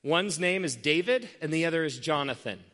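A man's voice: fairly high pitch, expressive, a little fast, a bit bright. Man preaching in a reverberant church hall. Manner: conversational storytelling, self-deprecating. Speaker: pastor. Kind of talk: sermon.

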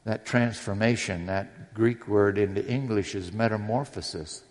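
A man's voice: on the low side, a little slow, darkish tone. A man preaching a sermon in a church, earnest and personal, with readings from scripture. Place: church sanctuary. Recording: long hall reverb.

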